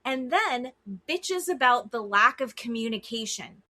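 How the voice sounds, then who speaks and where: Podcast co-host: chatty, blunt woman with a bright, fairly high voice, casual recap talk. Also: animated, unhurried. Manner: chatty, blunt, swears freely. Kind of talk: casual chat recapping reality TV.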